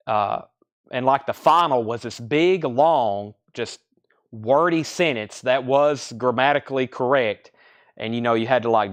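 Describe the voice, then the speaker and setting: A young man hosting a live record sale, rambling casually between quick price call-outs. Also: medium pitch. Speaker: record store host running a live sale. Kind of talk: casual livestream sales patter.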